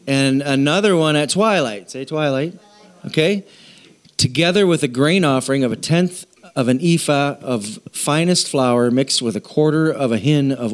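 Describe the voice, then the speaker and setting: A middle-aged man, a pastor, giving a casual Bible lesson in church, chatty and joking, often asking the audience questions. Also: mid-range voice. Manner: conversational, asks the audience questions, jokes.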